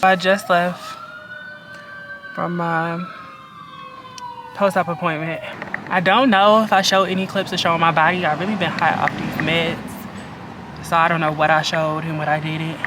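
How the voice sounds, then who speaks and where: A woman's voice: on the low side, little pitch movement, moderate pace, long pauses. A young woman vlogging casually, candid and blunt, swearing freely as she talks to her viewers. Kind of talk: casual vlog diary. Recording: background noise.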